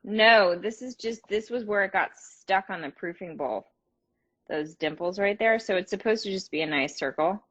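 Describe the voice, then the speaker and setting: A woman's voice: mid-range voice, normal speed, dull audio. A woman actor chatting casually and self-deprecatingly while baking at home on a live stream. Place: home kitchen. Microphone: phone or video call.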